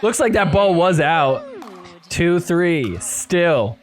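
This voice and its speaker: A man hosting a podcast, recapping match highlights in casual play-by-play style, chuckling often and doing quick voices for the players. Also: very animated. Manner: impersonates players in quick asides. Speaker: podcast host.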